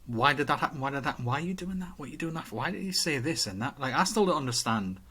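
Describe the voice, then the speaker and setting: A man's voice: medium pitch, expressive, quick pace, bright, forceful tone, husky. A man co-hosting a podcast in casual chat, thinking aloud in a rambling, self-questioning way, full of restarts. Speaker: podcast co-host.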